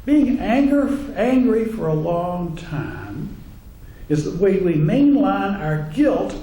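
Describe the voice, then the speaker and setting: A man's voice: sits high, very animated, takes it slowly, dark tone, muffled recording. A male minister giving a humorous sermon in a wry, conversational way, acting out the voices he quotes. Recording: echoey room, faint ambience.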